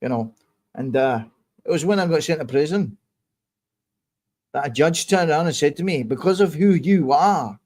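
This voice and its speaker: A man's voice: fairly high pitch, a little mellow. Blunt, combative man ranting to viewers. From England. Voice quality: blunt, swears often. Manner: slow, deliberate, repeats points. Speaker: host of his own online show. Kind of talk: casual monologue answering viewer comments.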